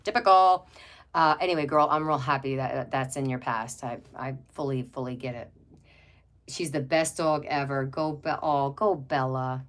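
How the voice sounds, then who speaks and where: A woman's voice: rumbling low, steady tone, moderate pace. A middle-aged woman hosting a home craft livestream, chatting casually, rambling and gushing, reading viewer comments aloud. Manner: rambling and chatty, gushes over pets, many fillers. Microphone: webcam.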